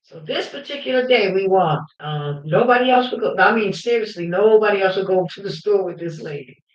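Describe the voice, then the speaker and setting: Woman host, fervent and emphatic storyteller who breaks into shouting; muffled lo-fi sound. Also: medium pitch, lively intonation, fairly quick. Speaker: livestream host. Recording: roomy, dull lo-fi livestream audio.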